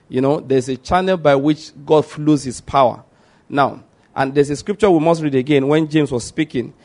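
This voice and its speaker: A man preaching a sermon, teaching slowly and repeating his key points, often checking whether listeners understand. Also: medium pitch, a little mellow.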